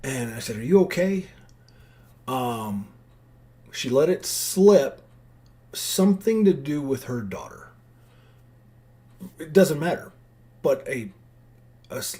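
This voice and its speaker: A man's voice: medium pitch, dark tone. A middle-aged man talking as a podcast host in a personal monologue, reflective and earnest, rambling with frequent restarts and fillers. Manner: earnest and heartfelt.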